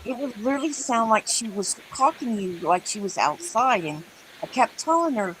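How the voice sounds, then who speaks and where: A middle-aged woman chats casually with friends, telling stories in a talkative, emphatic way. Her voice sits a little high, with faint noise behind it. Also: animated, normal speed, a bit bright, poor audio. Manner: chatty storyteller, emphatic. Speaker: co-host. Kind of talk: casual group chat.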